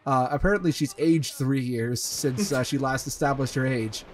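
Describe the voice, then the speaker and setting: A man's voice: medium pitch, normal speed, hardly any pauses, a little hiss or hum. A man reading a fanfiction aloud as a comedic dramatic reading over gameplay, mocking it and deadpanning the punctuation marks. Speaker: let's play host reading a fanfic.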